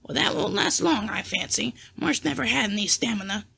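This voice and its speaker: An audiobook reader voicing a gruff, sharp-tongued old aunt who scolds, raised in pitch. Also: lively intonation, a little fast, full character voice. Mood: scolding. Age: older.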